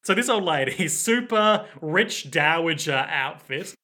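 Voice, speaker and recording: Bright-voiced man recapping deadpan. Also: on the high side, measured pace. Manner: wry, deadpan scene-by-scene narration. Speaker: podcast co-host. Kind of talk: casual chat recapping a story.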